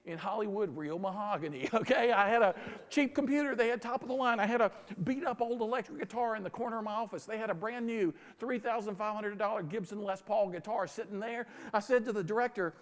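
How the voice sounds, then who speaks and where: A man with a Southern American accent telling a lively story to an audience, acting out the dialogue as he goes. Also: sits high, fast talker, hardly any pauses, in a large hall. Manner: animated, plays out dialogue in the story. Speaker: speaker. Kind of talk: storytelling keynote talk.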